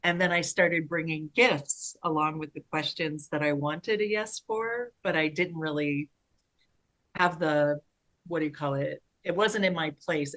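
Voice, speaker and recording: A woman with a lowish voice talks in loose, casual conversation. She rambles through long anecdotes, full of fillers and asides, and gets animated when she acts out what people said. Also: rough recording. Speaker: podcast co-host.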